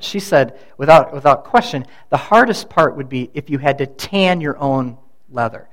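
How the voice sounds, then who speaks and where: A middle-aged man preaching a sermon, his voice pitched a little above the usual for a man. He speaks conversationally rather than formally and often turns aside to speak to people in the congregation by name. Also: expressive, normal speed. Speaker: pastor.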